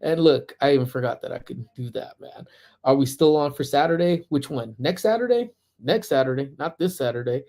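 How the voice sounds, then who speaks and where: A man's voice: medium pitch, animated, fairly quick, dark tone. A man hosting a casual livestream chat, rambling with lots of "you know" fillers and restarts, greeting viewers by name. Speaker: livestream host.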